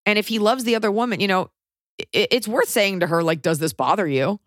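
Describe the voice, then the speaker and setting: A woman's voice: mid-range voice, fairly quick, no room sound, clean studio sound. A woman in her thirties co-hosting a podcast in casual chat, blunt and joking, often acting out the voices of the people she quotes. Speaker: podcast co-host.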